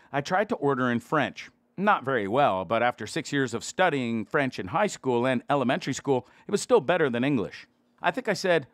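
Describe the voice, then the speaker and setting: A man reading out internet stories in scripted narration, in a lively storytelling manner. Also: mid-range voice, no room sound.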